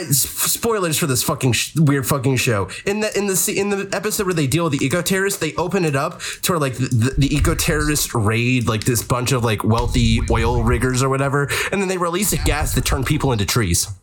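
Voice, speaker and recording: A woman's voice: very deep voice, lively intonation, a little fast, few pauses, slight background noise. Casual woman co-host, rambling, profane, filler-heavy rant. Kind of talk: casual chat.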